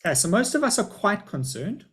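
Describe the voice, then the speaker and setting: A man's voice: sits high, sing-song, fairly quick, fairly bright tone. A middle-aged man, a school principal, giving a chatty, upbeat live webinar presentation over a video call.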